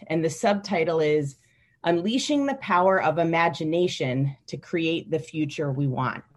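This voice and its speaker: A woman leading a children's message in worship, reading aloud slowly and teaching with a light laugh. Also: deep voice.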